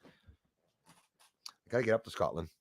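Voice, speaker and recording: Animated man signing off a stream. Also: lowish voice, takes it slowly. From Montreal, Canada. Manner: animated, switches between French and English, thanks viewers by name. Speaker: live-stream host. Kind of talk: casual live-stream sign-off chat.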